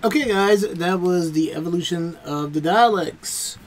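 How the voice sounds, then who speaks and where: Man, high voice, casual spoken review, rambling, hesitant, lots of fillers. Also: a little slow, hardly any pauses, slight background noise. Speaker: reaction video host.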